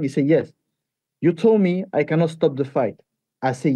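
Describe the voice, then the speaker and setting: A male fighter speaks English, mellow and soft-edged in tone, pitched a touch high for a man. He talks haltingly, repeating words and restarting. The sound is dry and slightly dull. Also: breathy edge, no echo. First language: French. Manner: halting, repeats words, animated when retelling. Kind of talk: interview answers.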